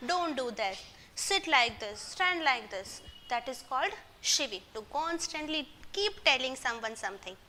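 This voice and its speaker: Bright high-voiced Indian teacher. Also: female voice, slight background noise. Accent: Indian English. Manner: patient, addresses children directly with frequent "right?". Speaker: school English teacher. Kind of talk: explaining a poem to a class.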